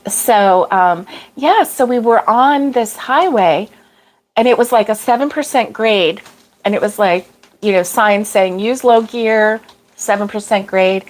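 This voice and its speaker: A middle-aged woman with a medium-pitched, slightly slow voice hosts a casual crochet livestream. She rambles chattily through a story, full of fillers and frequent laughter, greets viewers by name, and keeps battling allergy sneezes.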